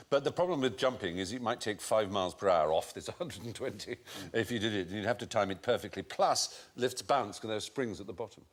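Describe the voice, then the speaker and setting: A man hosting a comedy panel quiz in a TV studio, explaining odd facts in a precise, learned way. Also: low-pitched. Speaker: quiz show host.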